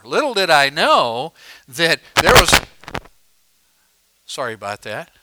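A male pastor telling a story in a sermon, animated and acting out the voices of people he quotes, on a worn microphone in a church. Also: on the high side, clean tone, dry recording, rough recording.

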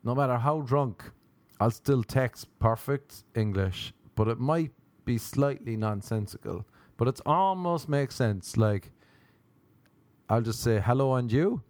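A young man doing a rambling, profane comedic monologue as a comedian, slipping into quick impressions. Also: medium pitch, expressive, darkish tone, no room sound.

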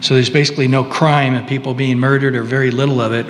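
A male preacher giving a conversational sermon, pausing, restarting and tossing asides to the congregation. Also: mid-range voice, flat delivery, big-room sound, a little hiss or hum.

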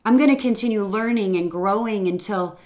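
An earnest, reflective middle-aged woman speaks in a personal faith-podcast monologue. Her pitch sits in the middle of the usual range for a woman, and now and then she pauses on a soft "um" before carrying on. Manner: earnest and reflective, with some hesitant "um"s. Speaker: podcast host.

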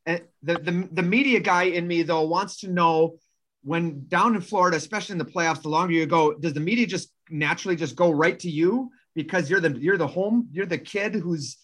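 A man's voice: a little high, a little fast, fairly bright tone. A man co-hosting a sports interview, asking long, rambling questions in a chatty way. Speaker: interview co-host.

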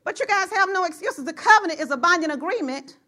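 A woman pastor preaching a sermon to her church, getting excited and rising to shouts as she calls out to the congregation. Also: very high-pitched, quick pace.

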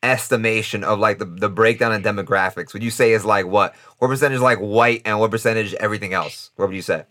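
A man from New York hosting a podcast, chatting casually and quickly with lots of "like" and "right?". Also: on the low side, fairly even intonation, bright, forceful tone. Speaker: podcast host. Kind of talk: casual interview chat. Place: indoors in Costa Rica.

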